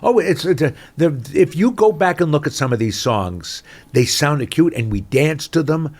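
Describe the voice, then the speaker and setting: An older man, an actor being interviewed, telling anecdotes in an expressive way, swinging between loud and soft. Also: a little high, moderate pace. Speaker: actor, podcast guest. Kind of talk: animated anecdotal storytelling.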